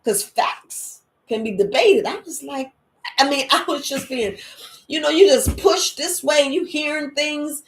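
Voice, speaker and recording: A middle-aged woman, hosting a wellness podcast in a lively, emphatic monologue. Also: unhurried. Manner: lively and emphatic, with quoted voices and sudden high exclamations. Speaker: herbalist and podcast host. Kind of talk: casual spoken monologue.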